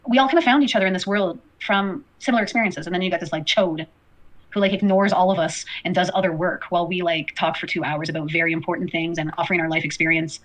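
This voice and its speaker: Fast-talking chatty woman streamer. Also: lowish voice, steady tone. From Canada. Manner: rambling, apologetic, filler-heavy. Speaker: livestream host. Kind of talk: casual livestream chat.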